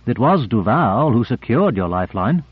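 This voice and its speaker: A man's voice: mid-range voice, sing-song, normal speed, breathy edge, no echo, narrow, tinny audio. Male reader playing sardonic probing man, sly, dry phone-thin audio.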